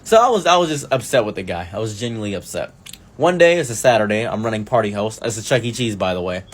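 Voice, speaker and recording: Animated young man spinning a storytime. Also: fast talker. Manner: animated, mock-grandiose storytelling with sudden high-pitched exclamations. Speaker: streamer telling a personal story. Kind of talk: storytime commentary.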